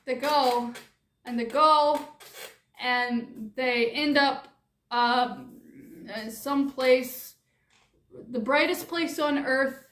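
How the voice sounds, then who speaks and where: Brief: young woman, giggly scattered storyteller, slow and very high. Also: a bit bright, reverberant, slight background noise. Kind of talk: improvised rambling comedic story.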